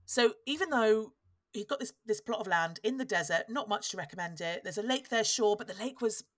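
A woman's voice: mid-range voice, lively intonation, brisk, no echo. Woman chatting away on a podcast, wry, keeps restarting sentences, dry close sound. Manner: chatty, wry, self-interrupting. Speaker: podcast host. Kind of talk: casual storytelling chat.

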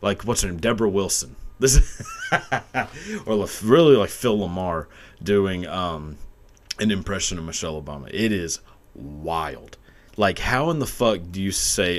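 A young man with a low, deep voice rants crude, profane commentary straight into his camera. His pitch swings widely as he rambles, swears and laughs. The delivery is loose and unscripted. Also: animated, a little slow. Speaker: video commentator. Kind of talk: crude comedic rant. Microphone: camera mic.

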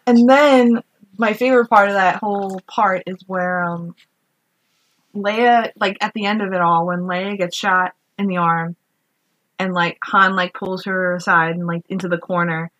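A woman's voice: mid-range voice, steady tone, unhurried, a bit bright, dry recording. A woman co-hosting a podcast, chatting casually about a film rewatch, swearing freely and laughing often. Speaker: podcast co-host.

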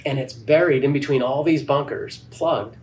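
A man, a golf club head pro, telling a lively story in a podcast interview and acting out the dialogue. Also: medium pitch, moderate pace. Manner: animated, acts out quoted dialogue. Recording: distant mic with faint background noise.

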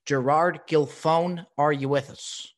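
Teasing, energetic male podcast host. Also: fairly high pitch, slow pace. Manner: teasing, hyped, ribbing his guest. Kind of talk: casual chat.

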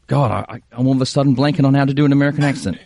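A man co-hosting a casual sports podcast, easygoing and relaxed in his chat. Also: mid-range voice, rapid-fire, gravelly, no echo. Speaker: podcast co-host.

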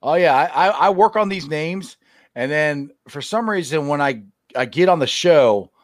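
A man hosting a casual sports talk show, animated and quick to laugh at himself. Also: a little high, dry recording, clean studio sound. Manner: animated, laughs often, self-deprecating.

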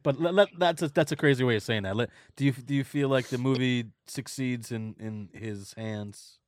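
A man's voice: medium pitch, moderate pace, no echo, clean studio sound. A man hosting a podcast, chatting casually with guests, joking and swearing freely. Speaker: podcast host. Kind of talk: casual chat.

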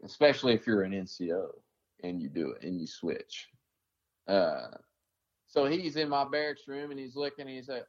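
A man's voice: medium pitch, normal speed, a little mellow, muffled recording. A man from the American South, an army veteran, telling his stories bluntly in a casual interview, swearing often and rambling with many fillers.

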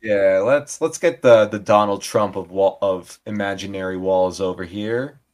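A man's voice: on the low side, unhurried, a little mellow. A man co-hosting a podcast in casual chat, jokey and playful, always doing bits. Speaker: podcast co-host.

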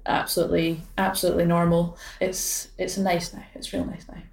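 A woman's voice: on the low side, level tone, a little fast, creaky, a little mellow, roomy sound, far from the mic. A Scottish woman in her late twenties, a badminton player chatting in an interview, hesitant with many fillers and restarts. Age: late 20s. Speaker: professional badminton player, guest. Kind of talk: casual interview chat.

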